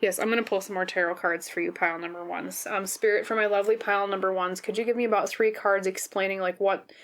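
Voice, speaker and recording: A woman giving a pick-a-card tarot reading on camera, gentle and reassuring, often checking in with "okay?". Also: mid-range voice, steady tone, fast talker. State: briefly teary and emotional. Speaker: tarot reader. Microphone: camera mic, seen on camera.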